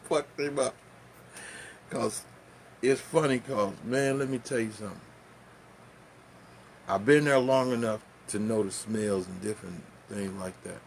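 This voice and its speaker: A man's voice: mid-range voice, unhurried, gravelly, pauses often, a little hiss or hum. A man telling a loose, profane, laughing story and showing how to roll tobacco. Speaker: vlogger. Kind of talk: casual storytelling and demonstration.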